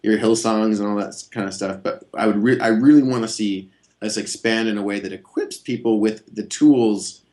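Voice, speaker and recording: A man being interviewed as a guest guitarist, talking in a relaxed, rambling way with many fillers and restarts. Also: fairly low pitch, moderate pace. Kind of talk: casual interview chat.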